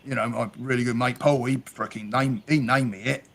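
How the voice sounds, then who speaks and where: A man's voice: medium pitch, steady tone, a little fast, a bit bright. A man from South East London with a Cockney accent, chatting casually, telling stories and swearing freely. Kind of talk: casual chat.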